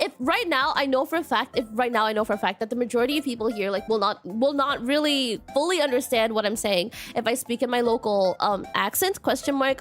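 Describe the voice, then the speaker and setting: High-voiced woman streamer, rambling chat. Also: a bit bright. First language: not English. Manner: rambling, many filler likes and restarts, frequent laughs. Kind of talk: casual chat with live chat.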